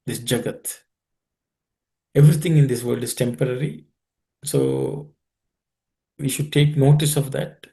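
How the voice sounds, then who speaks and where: Gravelly man leading a study group. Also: medium pitch, mellow. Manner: unhurried, thoughtful, with many pauses. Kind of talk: explaining scripture and telling stories.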